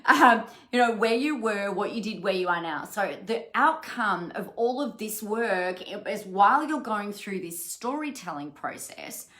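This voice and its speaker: A woman's voice: mid-range voice, lively intonation, unhurried, hardly any pauses, fairly bright tone. A woman, a business coach, giving a chatty, encouraging live-streamed talk with frequent fillers and greetings to viewers. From Australia.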